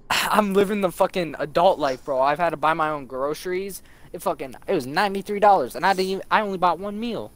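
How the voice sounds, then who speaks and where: A man's voice: sits high, fairly quick, a bit bright. A tired young man streaming a game, chatting casually and telling profane, rambling stories where he acts out what people said. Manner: profane, rambling storyteller acting out quotes. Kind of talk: casual gaming chat.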